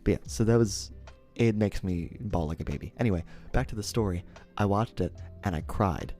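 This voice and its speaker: Young male streamer, low register, loose self-interrupting storyteller, light music bed. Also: normal speed, mellow. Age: young adult. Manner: rambling, self-interrupting, laughs at himself. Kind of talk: casual storytelling to chat.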